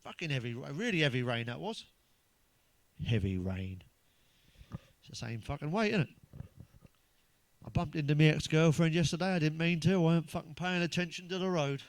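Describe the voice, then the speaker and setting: An English man doing a stand-up routine of crude, blunt one-liners, full of swearing, who pitches up when he quotes other people. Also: fast talker. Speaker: stand-up comedian.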